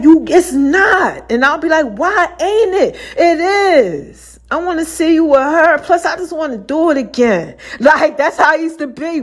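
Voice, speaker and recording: Woman podcast host just talking, kinda high voice, laughs a lot, does little voices for people in her stories. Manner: laughs often, loose and chatty, acts out quoted voices. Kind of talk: casual storytelling monologue.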